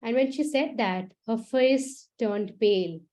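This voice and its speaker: A woman storyteller narrating an original story with expressive, dramatic pacing and emphatic repetition. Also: a little high, unhurried.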